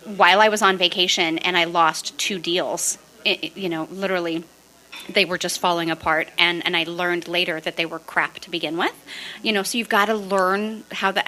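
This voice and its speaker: Chatty, bright-voiced Midwestern woman. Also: lowish voice, normal speed, low-quality recording. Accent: St. Louis. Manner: animated storytelling with lots of restarts. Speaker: real estate investor guest. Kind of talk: casual podcast interview.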